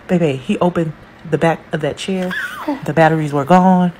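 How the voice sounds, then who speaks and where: A mother telling a spooky family story to camera, animated and dramatic, dropping to hushed tones and rising again. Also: sits low, a little fast, a little hiss or hum, rough recording. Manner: animated, dramatic, swings between hushed and loud.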